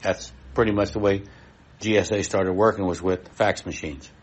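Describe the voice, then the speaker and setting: A man's voice: sits low, fairly even intonation, normal speed. A middle-aged man giving a live expo presentation in a blunt, folksy way, talking straight to his audience.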